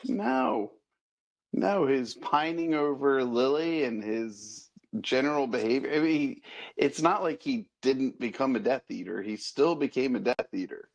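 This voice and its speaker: A man's voice: mid-range voice, unhurried. A man co-hosting a casual film podcast, blunt and opinionated in chat. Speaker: podcast co-host.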